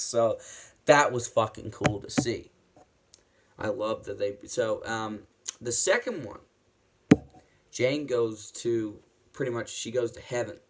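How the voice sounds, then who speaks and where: A man giving a casual spoken movie review, excitable and rambling, who swears freely and often restarts his sentences. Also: on the low side.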